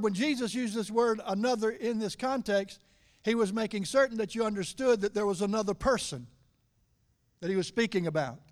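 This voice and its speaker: A middle-aged male preacher with a high voice delivers a sermon. He swings from loud, emphatic lines to low, confiding asides. He slows down and stretches key words when he wants them to land.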